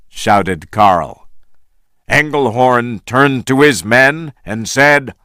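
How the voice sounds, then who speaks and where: A man reading a story aloud for English learners, slow and deliberate. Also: medium pitch, clear, resonant tone, no room sound, studio quality. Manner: slow, deliberate, lively intonation. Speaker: story reader.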